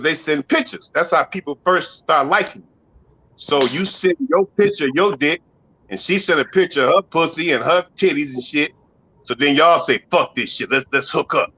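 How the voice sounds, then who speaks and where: A stand-up comedian with a high, bright, forceful voice tears through a rowdy, profane routine full of slang. He keeps slipping into acted-out voices. The live recording is dry and a little dull. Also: no room sound. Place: comedy club.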